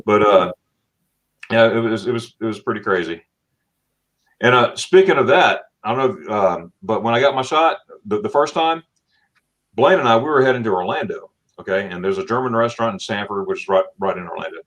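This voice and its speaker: Lively storytelling man from Florida. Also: fairly low pitch, a little fast. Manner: animated storyteller, acts out quotes with laughs. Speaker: livestream host. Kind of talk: casual livestream chat.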